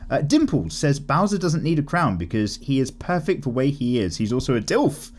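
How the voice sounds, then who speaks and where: A man's voice: medium pitch, sing-song, normal speed, a little mellow. A young man casually chatting while he draws, reading viewer comments aloud and rambling candidly through tangents. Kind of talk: casual chat while drawing.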